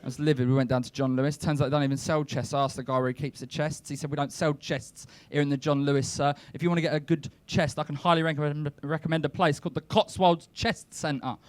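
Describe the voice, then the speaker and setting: A young man doing a stand-up comedy set on a club stage, telling his stories deadpan and breaking into shouted rants. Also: fairly high pitch, quick pace, few pauses, dry recording. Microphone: handheld stage mic.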